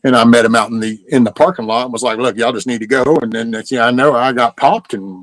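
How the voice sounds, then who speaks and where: Man, middle-aged, profane ranting, mid pitch, dry close sound. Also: a little fast, fairly bright tone, no echo, rough recording. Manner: profane, heated storytelling. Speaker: live stream host. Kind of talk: casual ranting chat.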